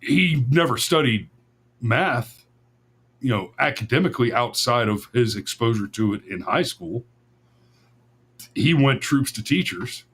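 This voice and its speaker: A man's voice: medium pitch, lively intonation, measured pace, pauses often, a bit bright, husky. A man hosting a talk show, telling a long casual story with frequent restarts, repeated words and swearing. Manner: rambling, profane, many restarts and self-corrections. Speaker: podcast host.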